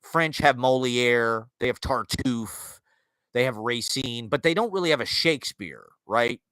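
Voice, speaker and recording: A man with a bright, forceful voice talks in a loose, wandering monologue, circling his points with fillers and restarts. The sound is dry and close, with no room around it. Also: mid-range voice, no echo. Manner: rambling, filler-heavy, restarts, wry asides. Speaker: podcast host. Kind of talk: casual monologue on literature and culture.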